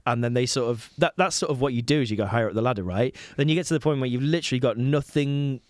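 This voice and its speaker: A man's voice: mid-range voice, fast talker, dry recording, studio quality. A man co-hosting a comedy podcast, rambling and hesitant in casual jokey chat. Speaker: podcast co-host.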